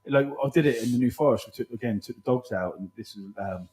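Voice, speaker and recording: Fast-talking bloke swearing away. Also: male voice, medium pitch, a loud crowd. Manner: rapid, rambling, heavy swearing, lots of "mate". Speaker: podcast host. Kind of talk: casual chat.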